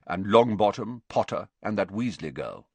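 Male narrator voicing a haughty teen boy, low, cold and clipped. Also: lively intonation, moderate pace, gravelly, darkish tone, dry recording. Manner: cool, indifferent, clipped.

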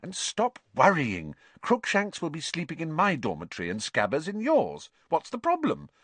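A prim, earnest teenage witch girl, played by a man reading a storybook, sits above his normal voice. She sounds bossy and fond. Her pitch moves in wide arcs. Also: huge pitch swings, normal speed, a bit bright, husky, no echo, full character voice. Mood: brisk. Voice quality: prim and coaxing.

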